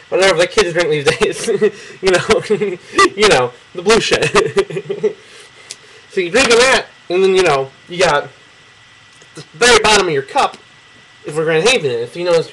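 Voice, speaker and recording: A young Michigan man making a video reply laughs often and swears casually as he rambles through drawing someone a map. His slightly high voice is recorded on a camera mic close to his face against a noisy background.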